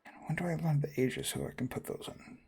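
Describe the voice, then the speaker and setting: A man reading visual novel dialogue aloud, quick and stumbling, often restarting words. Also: on the high side, fairly even intonation, darkish tone, breathy edge. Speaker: gamer voicing a visual novel.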